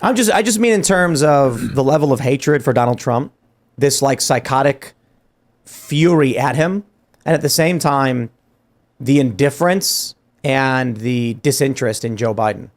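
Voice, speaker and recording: A man hosting a political talk show, talking in an exasperated, animated rant. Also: medium pitch, unhurried. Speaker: podcast host.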